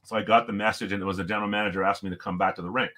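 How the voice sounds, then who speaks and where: Low-voiced man telling a story. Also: rapid-fire, slight background noise. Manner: lively storyteller, chuckles often. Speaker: podcast guest, former hockey coach. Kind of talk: storytelling in conversation.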